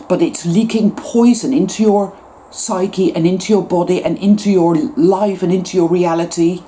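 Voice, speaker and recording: A YouTuber with a low, mellow voice gives her channel an intense spiritual monologue at normal speed, swearing freely and repeating words again and again for emphasis. She swings between soft murmurs and sharp outbursts, over a faint hiss of noise.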